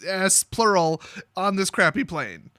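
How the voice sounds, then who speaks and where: A man's voice: high-pitched, animated, unhurried, sharp tone, dry recording, clean studio sound. A man retelling a story for comedy in a sarcastic, mocking way. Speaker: YouTube storyteller.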